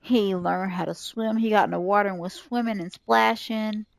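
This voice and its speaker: A woman's voice: medium pitch, fairly even intonation, moderate pace, gravelly, no echo. A woman YouTuber giving chatty, casual gameplay commentary as she retells what her characters did. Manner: chatty, retelling the game's events. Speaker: gaming YouTuber.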